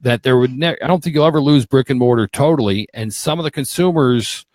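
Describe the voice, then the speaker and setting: A man's voice: mid-range voice, brisk, darkish tone, dry recording. A middle-aged man hosting a casual live talk show over a video call, rambling and joking as he talks over his guests. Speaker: host.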